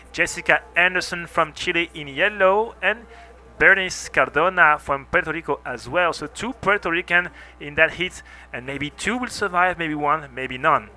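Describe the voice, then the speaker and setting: A man with a French accent doing live surf commentary, chatty and lively. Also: a little high. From France.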